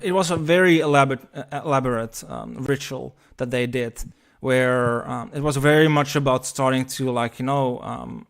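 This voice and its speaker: Male discussion guest, middle pitch, thoughtful and halting. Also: vocal fry. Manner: halting, many fillers and restarts. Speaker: round-table guest. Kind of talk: casual round-table chat.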